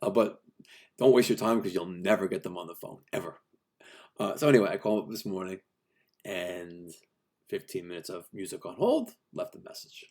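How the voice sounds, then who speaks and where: A middle-aged New man with a somewhat low voice, ranting in a vlog about bad customer service. He sounds exasperated and keeps acting out his phone calls. He speaks as a trade contractor. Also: expressive, normal speed, a little mellow. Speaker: HVAC contractor.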